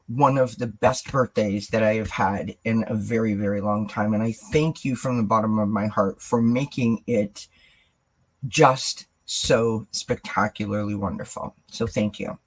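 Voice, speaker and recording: A woman's voice: a bass voice, poor audio. Tarot lady chatting on her live stream, says hi to everyone in chat, laughs a lot. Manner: chatty, greets viewers by name, laughs often. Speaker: tarot reader and channel host.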